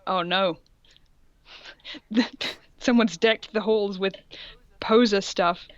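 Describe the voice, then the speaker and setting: Woman podcast co-host, comic read-aloud with giggly asides, mid pitch, dry close mic. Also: steady tone, takes it slowly, dry recording, lo-fi sound. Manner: giggly, breaks off to joke. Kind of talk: comic reading and reaction chat.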